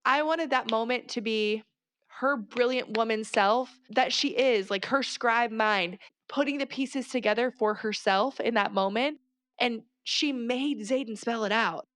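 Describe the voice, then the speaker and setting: A woman co-hosting a podcast, talking casually and with animated, exasperated asides. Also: fairly high pitch, measured pace, clean tone, no room sound, studio quality. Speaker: podcast co-host. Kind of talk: casual book discussion.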